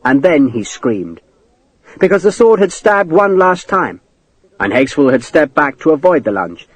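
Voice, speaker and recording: A man narrating an audiobook in a dramatic, expressive reading style. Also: a little high, moderate pace, no echo, rough recording. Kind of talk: scripted narration.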